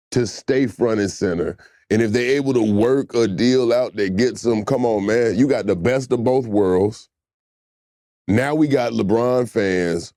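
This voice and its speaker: A man's voice: mid-range voice, no room sound, clean studio sound. Profane, riffing male comedy co-host. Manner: loose, profane, animated riffing.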